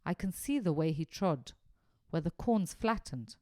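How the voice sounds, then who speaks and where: A man's voice: on the high side, a little slow, no room sound. Brief: plucky schoolboy, voiced by a woman narrator, bouncy, dry sound. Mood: careful. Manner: excited, breathless commentary. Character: eager schoolboy, brave and gentle.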